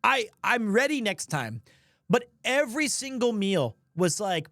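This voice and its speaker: A man's voice: high-pitched, sing-song, measured pace, fairly bright tone, no room sound, studio quality. A man streaming, telling a funny story in a rambling, self-mocking way. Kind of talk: casual storytelling.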